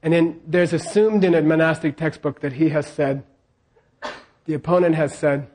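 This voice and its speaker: A man's voice: fairly high pitch, steady tone, normal speed, a little mellow, slight background noise. A man teaching a class on scripture, leading the students in repeating lines and checking in with them again and again. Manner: leads call-and-response repetition.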